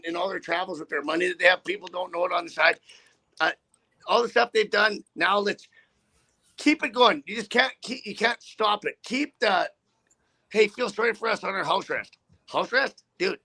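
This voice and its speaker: High gravelly indignant man. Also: bright, forceful tone. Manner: rambling, profane, indignant. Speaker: trucker guest. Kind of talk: casual rant.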